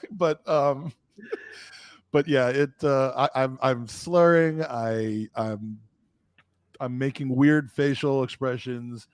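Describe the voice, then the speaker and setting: A middle-aged man co-hosting a podcast, chatting casually, animated and self-deprecating with stumbling restarts. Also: mid-range voice, no room sound. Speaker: podcast co-host. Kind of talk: casual chat.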